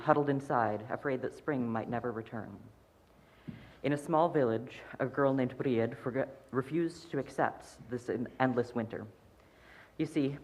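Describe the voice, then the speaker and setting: A man reading a story aloud at a congregational service, gentle with small slips and restarts. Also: mid-range voice. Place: fellowship sanctuary. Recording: roomy hall with faint noise.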